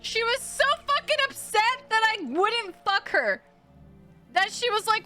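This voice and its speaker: A woman's voice: very high-pitched, very animated, unhurried, pushed and bright. A young woman streaming a game live, ranting in a profane, exasperated way. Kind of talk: live gameplay commentary. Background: game music.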